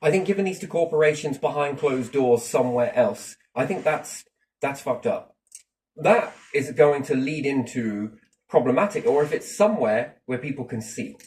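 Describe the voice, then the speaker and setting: A man's voice: medium pitch, expressive, normal speed, a little mellow. A man rambles through his strong opinions in casual conversation, swearing now and then and restarting his sentences. His voice sits in a middle register and sounds a bit distant from the mic. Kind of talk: casual chat.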